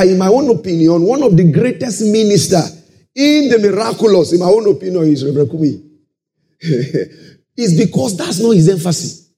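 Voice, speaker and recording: A man's voice: high voice, mellow. A man preaching a sermon, often breaking in with praise and asking whether listeners are following. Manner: peppers talk with "praise the Lord" and checks listeners follow.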